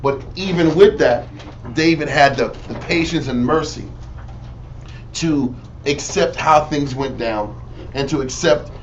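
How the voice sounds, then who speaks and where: A man's voice: fairly high pitch, unhurried, lo-fi sound. A man leading a casual group Bible study, talking in slang and commenting on scripture readings. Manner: loud, laughing storytelling, slangy. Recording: distant mic, faint noise.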